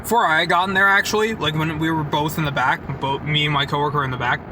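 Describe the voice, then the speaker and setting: A man's voice: on the high side, steady tone, quick pace. A young man vlogging a heated, profanity-filled story, rambling and saying "like" a lot, to a camera set down outdoors near traffic. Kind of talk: casual storytelling. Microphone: camera set down nearby.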